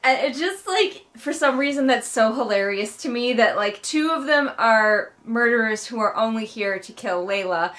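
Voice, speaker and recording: A woman's voice: on the high side, expressive, normal speed, few pauses, fairly bright tone. A woman hosting a casual book read-along, recapping chapters in a sarcastic, wry way and swearing casually.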